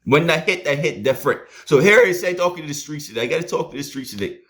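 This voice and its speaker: A man preaching a sermon in a plain street voice, swinging between loud emphatic points and low hushed asides. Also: lively intonation, fast, hardly any pauses.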